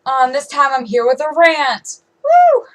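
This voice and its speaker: A woman's voice: sits high, moderate pace, a bit bright, slight background noise, poor audio. A teenage girl ranting to camera in a rambling, aggrieved way, full of "um"s, "like"s and restarts. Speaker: vlogger.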